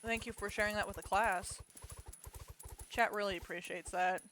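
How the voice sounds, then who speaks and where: A woman's voice: mid-range voice, fairly even intonation, normal speed, fairly bright tone, a little hiss or hum. A young woman streaming a game, chatting casually and telling a rambling, self-mocking story full of restarts. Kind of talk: casual live-stream chat.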